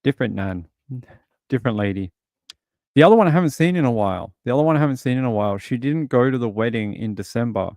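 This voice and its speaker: A man's voice: medium pitch, lively intonation, fast talker, darkish tone, dry recording, clean studio sound. An Australian man hosting a livestream, chatting casually and rambling through stories while answering viewers. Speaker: livestream host.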